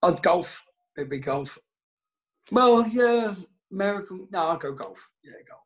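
A man, a former footballer, telling an anecdote casually, animated and swearing freely. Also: high-pitched, unhurried.

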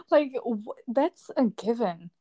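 A woman's voice: high voice, very slow, husky. Gushing young woman, Dutch native. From grew up speaking Dutch. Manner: giggly, gushing, excitable. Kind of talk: casual chat.

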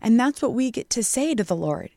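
A woman's voice: on the high side, very animated, no room sound. Middle-aged woman radio preacher, earnest and fervent, dropping to a whisper on scripture, dry studio mic. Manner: earnest, fervent, slows to a hush when reading scripture. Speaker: radio show host and Bible teacher. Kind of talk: radio sermon.

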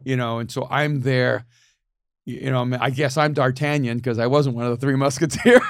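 A middle-aged man in a casual conversation, animated, laughing often and repeating words as he starts sentences. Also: mid-range voice, a little fast, dry recording, studio quality.

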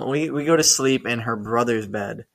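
A young podcast co-host with a gravelly, medium-pitched voice speaks at a measured pace. He's an animated storyteller in casual chat, frequently swearing and laughing partway through his stories.

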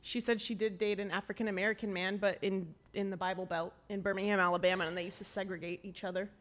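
A woman's voice: medium pitch, steady tone, quick pace, a bit bright. A young woman co-hosting a podcast, playful and teasing in casual chat. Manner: playful, teasing, laughs often. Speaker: podcast co-host.

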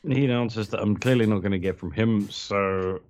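A man's voice: fairly low pitch, moderate pace, a little mellow. A man playing a tabletop game, asking questions and slipping in and out of character. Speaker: player. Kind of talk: tabletop role-play.

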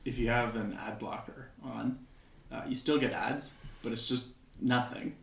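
A woman co-hosting a casual chat podcast, making dry, deadpan asides. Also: very deep voice, measured pace, creaky, echoey room, a little hiss or hum. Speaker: podcast co-host.

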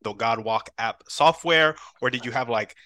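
A man hosting a podcast, mostly giving short reactions and asking relaxed questions. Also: medium pitch, moderate pace, no room sound. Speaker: podcast host.

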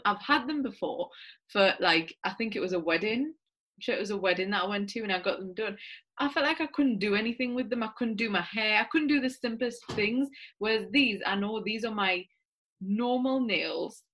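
A woman's voice: mid-range voice, a bit bright. A woman, a podcast guest telling rambling, enthusiastic stories. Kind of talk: casual chat.

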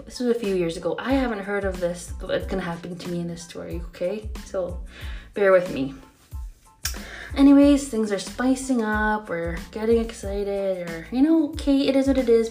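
A woman's voice: medium pitch, darkish tone. A young woman hosting her own podcast, telling a story in a chatty way with many fillers and frequent laughs. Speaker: podcast host. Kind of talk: casual storytelling monologue.

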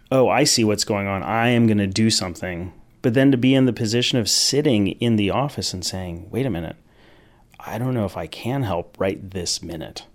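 A man hosting a podcast, reflecting appreciatively on his guest's story. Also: lowish voice. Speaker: podcast host. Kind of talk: interview conversation.

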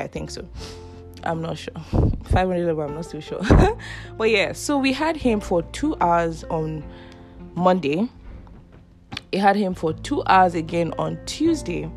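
Chatty young woman podcaster. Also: fairly low pitch. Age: 20s. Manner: chatty, laughs often, acts out quoted voices. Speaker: podcast host. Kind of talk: casual storytelling monologue.

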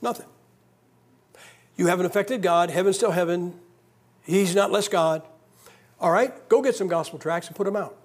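A man's voice: high voice, moderate pace, long pauses. A man preaching a sermon in a church, conversational and emphatic, with joking asides. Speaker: guest preacher.

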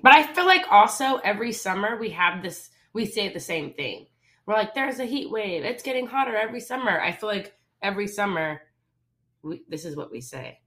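Bright-voiced young woman with a slight lisp. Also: mid-range voice, very animated, fairly quick. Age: young adult. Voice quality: slight lisp from dental aligners. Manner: upbeat, talks straight to listeners. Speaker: podcast co-host. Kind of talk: casual chat.

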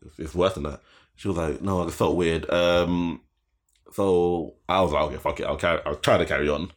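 A man's voice: low-pitched, fairly even intonation, brisk. A young man telling a long story in casual podcast chat. He rambles, swears, laughs often and acts out the voices in his story.

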